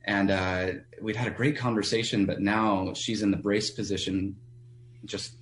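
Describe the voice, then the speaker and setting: A man, a pastor, telling a personal story as a radio guest in an earnest, halting way with frequent restarts. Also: fairly low pitch, fairly even intonation.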